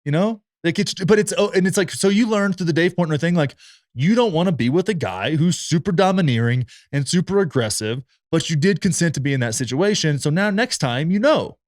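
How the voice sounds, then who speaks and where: Rapid-talking blunt male podcast host. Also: a little high, expressive, no echo, studio quality. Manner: fast, blunt and profane, with lots of fillers. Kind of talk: casual chat.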